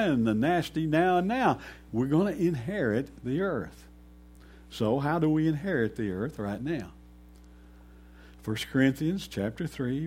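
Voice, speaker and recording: A man preaching a sermon slowly and emphatically, pausing often and rising to sudden loud peaks. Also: mid-range voice, husky. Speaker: pastor.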